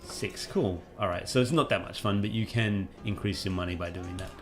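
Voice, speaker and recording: A man, a game developer giving rambling, relaxed gameplay commentary with plenty of fillers. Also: low-pitched, normal speed, faint music behind.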